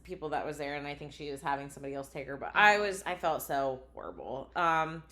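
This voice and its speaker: A woman's voice: low voice, quick pace, pushed and bright. A woman co-hosting a casual podcast chat, animatedly telling a story and laughing at herself. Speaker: podcast co-host.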